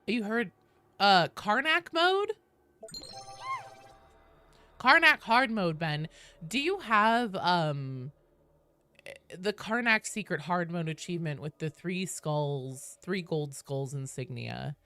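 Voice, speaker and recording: A woman's voice: on the low side, animated, slow pace, pauses often, bright, forceful tone. A young woman streaming a game, chatting casually and upbeat with viewers, swearing now and then and greeting people by name.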